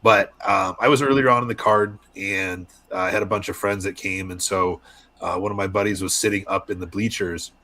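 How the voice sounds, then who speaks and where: A young man from Arizona, a wrestler, chatting candidly as a podcast guest and telling lively stories. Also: deep voice, brisk. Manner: candid storyteller, animated voices in anecdotes. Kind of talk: casual podcast interview.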